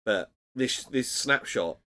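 A man's voice: medium pitch, lively intonation, slow, bright, forceful tone. A man chatting casually as a podcast co-host, recapping an episode with frequent laughs and restarts.

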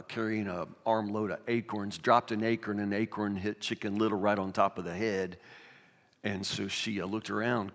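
A man preaching a sermon, first reading scripture aloud, then telling a children's fable in a loose, repetitive way. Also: lowish voice. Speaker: pastor. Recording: long reverb of a hall.

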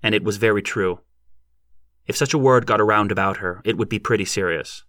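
A man reading an audiobook in measured, scripted narration. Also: lowish voice, fairly bright tone, no echo, studio quality.

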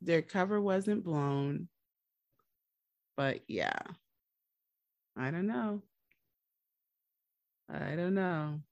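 A woman's voice: on the low side, very slow, long pauses, no room sound, highs cut off. A woman co-hosting a podcast, telling a story in casual chat and acting out the people she quotes. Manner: animated storyteller, acts out quotes. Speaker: podcast co-host recapping a drama series.

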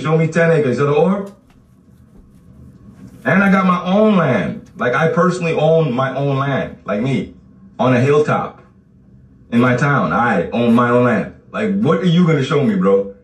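A man's voice: mid-range voice, far from the mic. A man ranting casually on a livestream, boasting, mocking and swearing, often breaking into laughter. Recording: roomy sound from off the mic.

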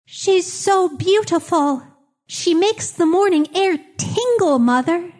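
Lovestruck peasant boy, high falsetto, slow, dreamy, drawn-out. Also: animated, full character voice. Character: lovestruck young peasant boy, wide-eyed.

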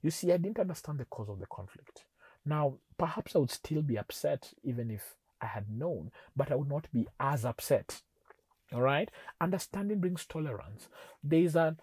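Male teacher, husky, animated storyteller, dry close mic. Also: mid-range voice, dry recording. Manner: animated storyteller who acts out scenes. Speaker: relationship teacher. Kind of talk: storytelling lesson.

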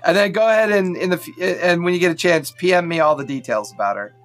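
A man narrating as game master of a tabletop game in a loose, relaxed way with many fillers. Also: sits high, fast talker, faint music behind.

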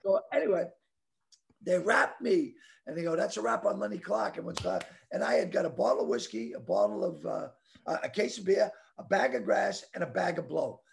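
A middle-aged man from the Boston area telling a rambling story with stammering restarts and animated voices. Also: high-pitched, fairly quick, vocal fry. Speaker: comedian guest telling a story. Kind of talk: casual storytelling.

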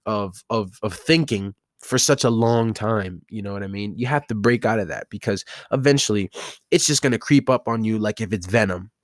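Low-voiced man musing with many fillers. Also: normal speed, dry recording, clean studio sound. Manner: rambling, many fillers and restarts. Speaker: podcast host. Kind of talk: casual solo talk.

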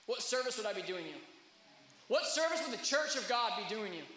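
High bright pastor guy in his 30s, storytelling sermon, big echoey church. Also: expressive, fairly quick. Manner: storytelling, swings from hushed to loud. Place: church hall. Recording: echoey hall.

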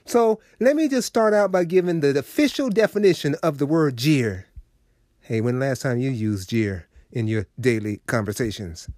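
A man's voice: mid-range voice, expressive, moderate pace, darkish tone, dry recording, studio quality. A man preaching a radio sermon, folksy and preachy, talking straight to his listeners.

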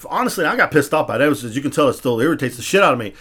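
Fast-talking man ranting on a podcast. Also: mid-range voice, lively intonation, a bit bright. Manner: heated, profane storytelling; frequent restarts when worked up. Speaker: podcast host. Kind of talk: casual podcast talk.

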